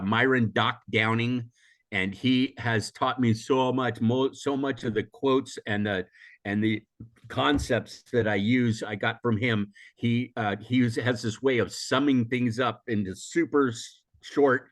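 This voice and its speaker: An older American man who teaches emotional intelligence is a guest in a casual interview, reflecting in a rambling way, often restarting and correcting himself and laughing. Still recovering from an illness, he is hoarse and coughs. His mid-range voice is fairly even in intonation and unhurried.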